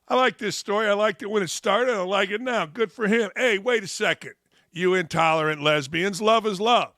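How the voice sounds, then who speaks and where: A middle-aged man hosting a sports talk show, delivering a mocking monologue with sudden loud shouted bursts. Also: high-pitched, no echo, studio quality.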